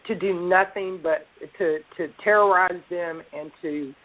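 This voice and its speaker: A woman's voice: on the low side, measured pace. A woman tells a story in a blunt, profane, heated way. She sounds like she is calling in, with a thin, phone-line quality to the sound. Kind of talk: casual storytelling on a podcast call.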